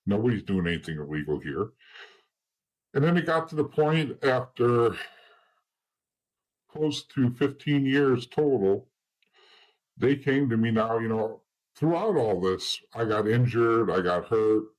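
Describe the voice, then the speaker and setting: A man's voice: mid-range voice, takes it slowly, rough recording. A man, an interview guest, telling his story in a blunt, profane, rambling way. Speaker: interview guest, former informant.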